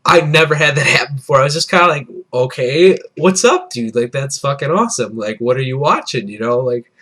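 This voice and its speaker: A man's voice: mid-range voice, quick pace, sharp tone. A young man in his early twenties, tipsy from beer, telling a rambling, profane, self-deprecating story in a casual vlog. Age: early 20s. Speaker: vlogger.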